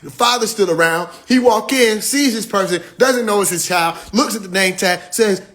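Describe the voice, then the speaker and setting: A man with a slightly high voice talks loosely and warmly to his followers on a livestream. He slips into slangy storytelling, acts out the lines of the people in his stories, and laughs between his points while calling on his listeners directly. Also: moderate pace. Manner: slangy storytelling with acted quotes. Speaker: spiritual speaker on a livestream. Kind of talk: casual livestream talk to followers.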